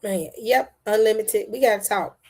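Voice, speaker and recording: A woman's voice: mid-range voice, normal speed, a little mellow, slightly rough. A woman host from the United States, giving blunt, impassioned casual commentary to her viewers and repeating herself for emphasis. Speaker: online show host.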